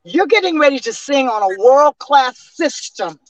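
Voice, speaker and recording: A woman in her sixties, a singer and interview guest, telling stories in a lively way with laughs and restarts over a remote call. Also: high voice, normal speed, dry recording, dull audio. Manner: animated storyteller with frequent laughs and restarts. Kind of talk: casual interview storytelling.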